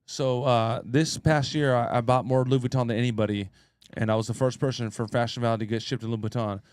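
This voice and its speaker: A man's voice: mid-range voice, steady tone, brisk, darkish tone, clean tone, dry recording. Brief: man, casual host, repetitive and emphatic, heavy cursing, dry room. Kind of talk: casual podcast chat.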